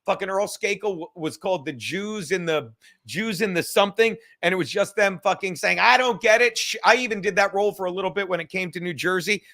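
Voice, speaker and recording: Podcast host guy, high bright voice, swearing up a storm, heated rambling rant. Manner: profane, heated, rapid rambling.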